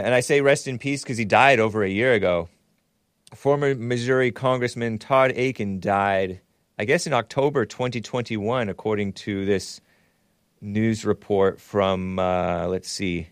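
A man hosting his own commentary show, swinging between loud mocking outbursts and low muttering asides. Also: no room sound, studio quality. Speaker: host.

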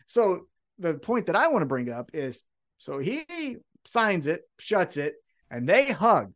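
A man co-hosting a wrestling podcast, recapping events in an excitable, profane, casual chat. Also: a little high, unhurried. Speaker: podcast co-host.

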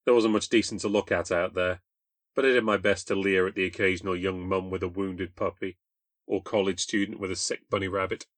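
In a dry, close recording without any room sound, a young narrator and podcast host tells a ghost story in the first person. His low voice moves a little fast, carrying a bitter, deadpan tone.

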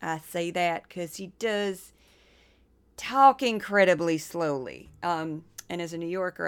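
Podcast host lady from missouri, smooth voice, chatty and playful, then reads a script. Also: lowish voice, expressive. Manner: chatty, quick asides, playful impressions. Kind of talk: casual podcast commentary and scripted narration.

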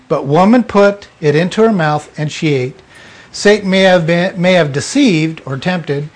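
A man preaching an informal sermon to a small group, blunt and emphatic, acting out little scenes. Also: sits high.

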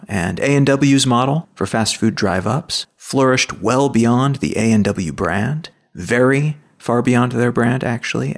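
A man hosting a solo podcast, reading a scripted explanatory narration in a measured, lightly opinionated way. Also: mid-range voice, creaky. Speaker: podcast host.

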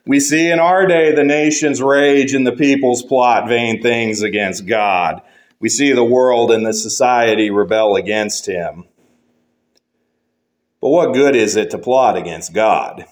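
Man preaching a measured sermon. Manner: measured preaching with emphatic rises and low, slow conclusions. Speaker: pastor.

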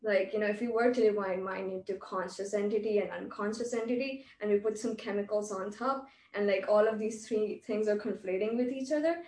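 A woman's voice: medium pitch, a little fast, few pauses, darkish tone, slight background noise. A woman hosting a podcast, musing at length in casual conversation with many fillers. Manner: reflective, filler-heavy, speculative. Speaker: podcast host. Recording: roomy, distant mic with faint ambience.

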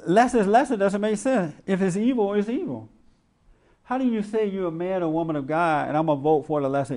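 A man's voice: a little high, darkish tone. A man hosting a radio talk show, preaching with emphatic rhetorical questions and mocking quotes. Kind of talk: preaching commentary to a live audience.

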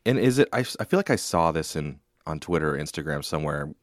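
Deep-voiced wry podcast co-host man. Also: fast, dry recording, studio quality. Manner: relaxed, wry, trails off with laughs. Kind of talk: casual sports-media chat.

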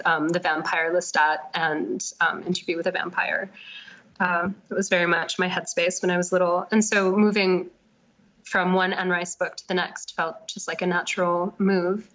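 A woman's voice: on the low side, a bit bright. Hesitant woman, slightly muffled sound. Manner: hesitant, thinking aloud with many fillers. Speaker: novelist guest. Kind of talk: casual interview conversation.

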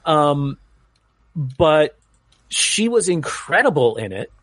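A man co-hosting a podcast, chatting casually and giving opinions in a lively, chatty way. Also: on the high side, slow, no room sound. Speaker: podcast co-host.

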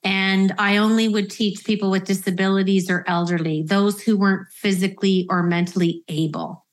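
A woman in her fifties hosting a podcast, speaking earnestly and reflectively, slowing down to stress key phrases. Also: medium pitch, steady tone. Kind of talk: reflective conversational interview.

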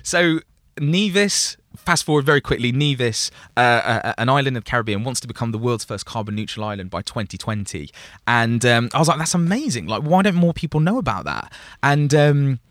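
A young man tells his stories in a loose, rambling way and laughs at himself often. His voice is bright and forward, recorded close and dry. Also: mid-range voice, lively intonation, fairly quick, hardly any pauses, no room sound. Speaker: guest. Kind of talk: casual storytelling interview.

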